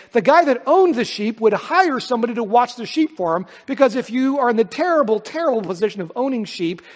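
Pastor guy preaching, pretty high voice, big echoey church hall, swells up then drops way down. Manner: earnest, dynamic preaching with dramatic pauses and swells. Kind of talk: sermon.

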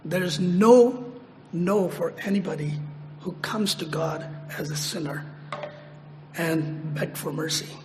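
A man preaching a sermon, slow and emphatic, repeating his phrases and lifting his voice sharply on quoted prayers. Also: fairly high pitch, a little mellow, big-room sound, faint music behind.

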